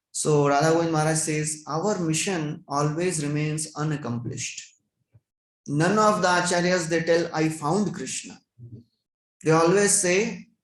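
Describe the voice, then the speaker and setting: A man's voice: a little high, echoey room, poor audio. A man giving a devotional scripture class, chanting verses and then explaining them.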